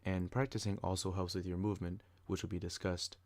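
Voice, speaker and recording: Deep-voiced young man reading a lesson. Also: flat delivery, a little fast, dry recording. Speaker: student podcaster. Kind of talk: scripted educational podcast.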